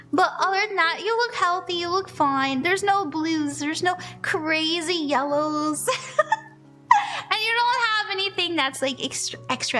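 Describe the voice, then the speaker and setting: A woman's voice: extremely high pitch, pushed and bright. A tired woman streamer giving palm readings in casual chat, laughing often. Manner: giggly and sleepy, laughing often. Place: room with echo.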